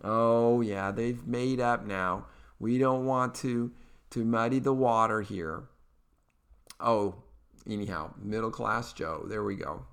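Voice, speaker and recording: On his own podcast, an Eastern Kentucky man offers casual political commentary in a Kentucky accent, sounding folksy, chatty, upbeat, and full of fillers. His voice is on the low side, slow and steady, with a smooth, fairly bright tone.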